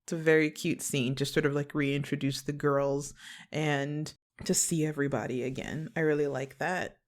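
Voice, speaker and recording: Low-voiced giggly woman, podcast guest. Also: fairly even intonation, normal speed. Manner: giggly, many fillers and restarts. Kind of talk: casual fan chat.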